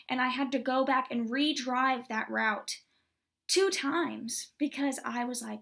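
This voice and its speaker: A young woman in her twenties, from Texas, tells a personal story to her vlog camera. Her voice sits a little high and slips into a gravelly fry at the ends of phrases. She talks in a candid, rambling way, packed with "like.". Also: fairly even intonation, a little slow, sharp tone. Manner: candid, rambling, heavy use of "like". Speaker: vlogger.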